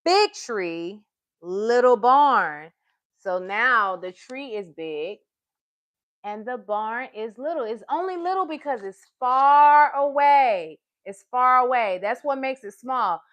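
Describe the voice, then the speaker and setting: A woman's voice: fairly high pitch, lively intonation, fairly bright tone. A woman reading a picture book aloud to young children on a live stream, asking them questions along the way. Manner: slow, sing-song, asks the listeners questions. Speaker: children's storytime reader. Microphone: streaming live, close to the device.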